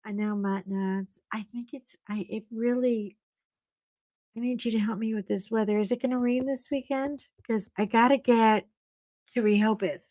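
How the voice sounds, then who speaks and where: A middle-aged woman hosts a casual live chat and rambles through family stories, laughing as she goes. Her voice sits fairly high. The sound is close and dry, with no room around it. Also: fairly even intonation, moderate pace, warm tone, no echo. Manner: chatty, rambling, laughing storyteller. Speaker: host.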